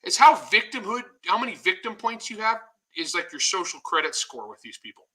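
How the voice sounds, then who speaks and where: A man with a slightly high voice and a very bright, forceful tone, talking as a guest in a casual interview. He tells stories bluntly and with animation, swearing freely. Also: very animated, a little fast, low-quality recording. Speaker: guest author.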